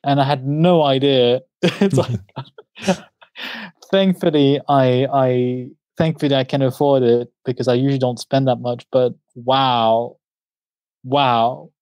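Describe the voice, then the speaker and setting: Guy with a background rattling off holiday plans fast, laughs a lot, dry close sound. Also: medium pitch, a little mellow, dry recording. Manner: quick-talking, laughs often, self-deprecating. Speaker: podcast co-host. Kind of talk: casual chat.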